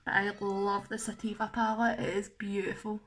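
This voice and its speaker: A woman's voice: mid-range voice, little pitch movement, normal speed, fairly bright tone. A young woman talking through a makeup tutorial in a chatty, self-deprecating way. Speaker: makeup artist.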